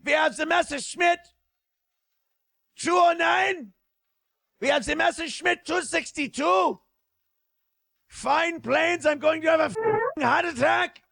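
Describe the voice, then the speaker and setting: A barking mock-German dictator, put on by a man, ranting and pleading in bombastic bursts. The voice sits high and strained, with a gravelly rasp under the shouting. It sounds close and dry, as if no room is around it. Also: lively intonation, takes it slowly, pauses often, no echo, exaggerated voice. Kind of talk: comic impression on a livestream.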